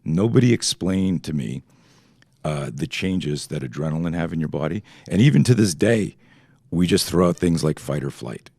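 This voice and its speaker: A middle-aged man from Canada, a self-defense instructor telling stories as a podcast guest, animated and swearing freely while acting out quoted dialogue. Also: low voice, normal speed, gravelly, no echo, clean studio sound. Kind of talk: podcast interview storytelling.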